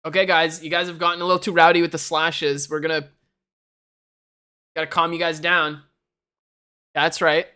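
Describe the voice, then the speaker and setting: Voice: mid-range voice, little pitch movement, brisk, pauses often, pushed and bright, clear, resonant tone. A young adult from Canada, chatting casually and rambling on a live stream while reacting to chat. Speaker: livestreamer.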